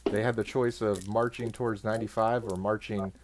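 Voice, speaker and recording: A man's voice: fairly low pitch, fairly even intonation, fairly quick, background noise. A man telling a rambling story in casual chat, full of fillers and restarts.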